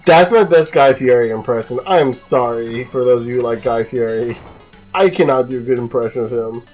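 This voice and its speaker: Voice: mid-range voice, fairly quick, a little mellow, soft background music, low-quality recording. A let's play commentator chatting casually and rambling through gameplay, self-mocking.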